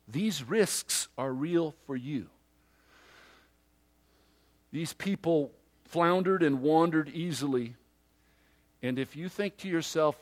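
A man's voice: a little high, slow, pauses often. Emphatic male pastor preaching. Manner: emphatic preaching with wide swings from loud to hushed; acts out imagined listeners in quoted asides. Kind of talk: sermon.

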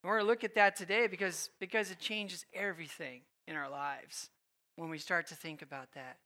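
A man's voice: a little high, fairly even intonation, fairly quick, sharp tone. A man giving a sermon as guest preacher on a church stage, folksy and conversational, with fillers and restarts.

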